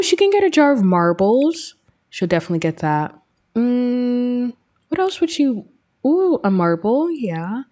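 Chatty woman narrating her game. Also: lowish voice. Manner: chatty, excitable, storytelling. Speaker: let's-play host. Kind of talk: casual gameplay commentary.

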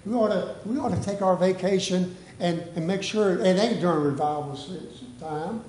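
A man with a high-pitched voice, preaching from the pulpit of a church. He reads scripture in a measured way, then breaks into loose, repetitive preaching full of "hey" and restarts. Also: darkish tone, roomy sound, a little hiss or hum, poor audio. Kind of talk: sermon. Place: church sanctuary.

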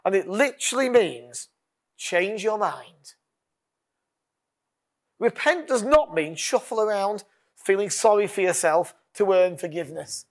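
A man preaching a sermon as pastor, earnest, leading call-and-response lines and dropping to a hush. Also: high-pitched, lively intonation, normal speed.

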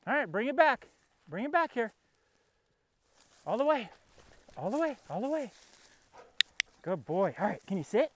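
High-voiced man coaxing his dog outdoors. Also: big pitch swings, moderate pace, pauses often, slight background noise. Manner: coaxing and talking to his dog, narrating between commands. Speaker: dog trainer. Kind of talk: casual training vlog. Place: outdoors in a field.

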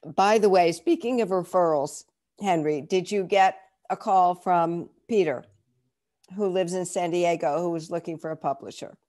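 A woman who is an author and management consultant, introducing herself in a measured, earnest way over a video call. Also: fairly low pitch, mellow. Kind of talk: self-introduction.

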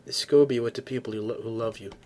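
A man reading game dialogue aloud as a remorseful young goat-monster boy, soft and halting. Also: mid-range voice, fairly even intonation, slight background noise, close to an everyday voice. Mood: tender farewell. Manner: soft, halting, stumbling over words.

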